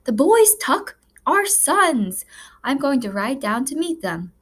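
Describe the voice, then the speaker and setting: A woman's voice: high voice, big pitch swings, takes it slowly, voice pushed up, heavily acted. A woman reading the part of a stout, sensible middle-aged farm mother, speaking with a lifted, eager voice. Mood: cheerful. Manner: eager, brighter and louder than the narration.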